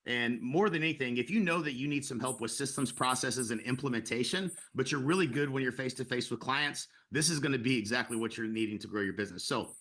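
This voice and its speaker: A middle-aged man giving a persuasive sales webinar to real estate agents, energetic and full of fillers and restarts. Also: mid-range voice, fast, hardly any pauses.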